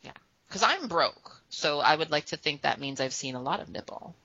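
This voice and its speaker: A woman's voice: deep voice, expressive, normal speed, bright, forceful tone, slightly rough. A woman co-hosting a podcast, chatting casually and animatedly, laughing often. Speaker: podcast co-host. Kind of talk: casual chat. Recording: dull lo-fi phone-call audio.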